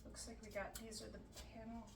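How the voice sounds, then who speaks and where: A woman's voice: fairly high pitch, level tone, a little fast, creaky, distant mic. A woman vlogger talking viewers through a home repair step by step, thinking aloud with jokey asides, recorded in her home entryway. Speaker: DIY vlogger. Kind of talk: casual step-by-step repair narration. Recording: echoey room, off-mic, background noise.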